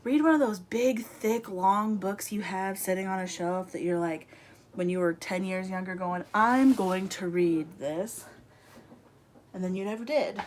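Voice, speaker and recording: A woman's voice: medium pitch, darkish tone, slight background noise. A young woman chatting casually to camera from her room at home, rambling and laughing as she talks, a little out of breath. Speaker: vlogger.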